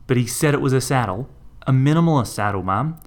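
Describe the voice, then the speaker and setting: A man's voice: mid-range voice, expressive, quick pace, pitched above the performer's own voice, natural voice. A man voicing a cheeky, eager teenage son telling his mother a story. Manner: eager, chatty.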